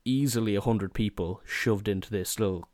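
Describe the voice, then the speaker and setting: A young Irish man with a lowish voice spins a rambling, comic holiday story, peppering it with "you know" and side remarks. The sound is dry and close, with no room around it. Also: normal speed, a little mellow, no room sound.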